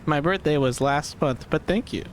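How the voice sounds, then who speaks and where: A man's voice: fairly high pitch, normal speed, a little hiss or hum. A man streaming a game live, thinking aloud in a loose, profane way. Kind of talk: live gameplay commentary.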